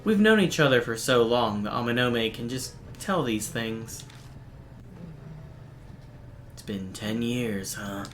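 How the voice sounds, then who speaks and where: A man streaming a game, reading its visual novel text aloud in a steady, even narration broken by quick, dry asides. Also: medium pitch, a little hiss or hum. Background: faint game music.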